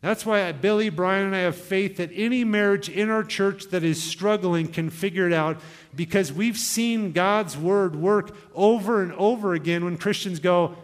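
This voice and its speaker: A man's voice: high-pitched, moderate pace. A young male pastor preaching an earnest, exhorting sermon to his church. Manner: earnest, exhorting, with quoted asides. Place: church hall. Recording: long hall reverb.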